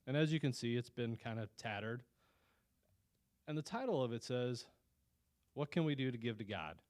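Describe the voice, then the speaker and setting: Guy telling his faith story at a lunch meeting, earnest and chatty, restarts a lot, middle-pitched voice. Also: expressive, moderate pace, darkish tone. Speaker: guest speaker at a Christian business lunch. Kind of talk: personal testimony talk.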